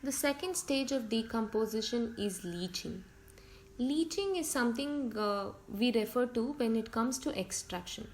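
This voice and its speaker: A woman's voice: a little high, expressive, unhurried, slight background noise, rough recording. A young woman teacher giving a biology lecture, explaining terms step by step with frequent fillers.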